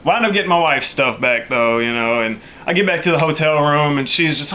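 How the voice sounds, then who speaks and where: A young man telling a profane, animated story, jumping into loud quoted voices. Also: a little high, fairly quick. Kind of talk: casual storytelling.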